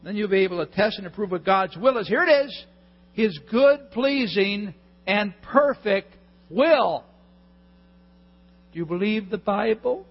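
A male pastor preaching a sermon in an animated way, acting out people's prayers with a mocking edge. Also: high voice, a little slow, pauses often. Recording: lo-fi recording in a reverberant hall with mains hum.

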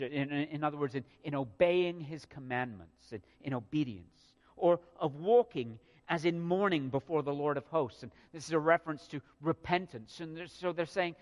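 A man's voice: fairly high pitch, normal speed, few pauses. Earnest man preaching in a reverberant hall. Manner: earnest, repeats words when building a point. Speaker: pastor. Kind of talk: sermon. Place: church sanctuary. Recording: long reverb of a church hall.

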